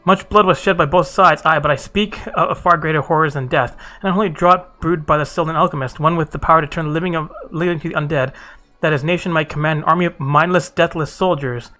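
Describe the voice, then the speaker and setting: A man voicing a grieving, suspicious old mother who nags with drawn-out taunts. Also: a little high, steady tone, pushed and bright, faint music behind. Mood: ominous.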